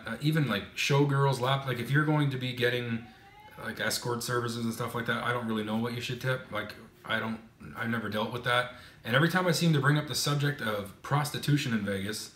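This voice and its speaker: A man's voice: mid-range voice, a little fast, a bit bright. A man from Canada giving frank, casual advice in a chatty monologue with many fillers and restarts. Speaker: vlogger. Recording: roomy echo.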